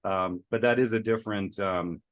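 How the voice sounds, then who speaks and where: A man's voice: fairly low pitch, steady tone, moderate pace, no room sound. A man hosting a poker podcast, reflecting casually with a lot of fillers. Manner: reflective, uses many fillers. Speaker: podcast host. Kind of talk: casual interview chat.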